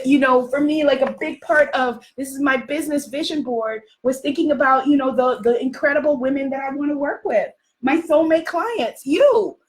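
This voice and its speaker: A high-voiced life coach from New York City, in her fifties, gives an emphatic motivational talk while her voice fades. She repeats affirmations and shouts at times.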